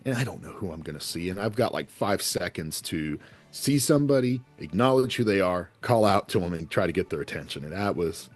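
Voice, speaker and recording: A man talking as a podcast guest, telling animated anecdotes in a casual way and laughing often. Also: low-pitched, a little fast, faint music behind. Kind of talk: casual storytelling chat.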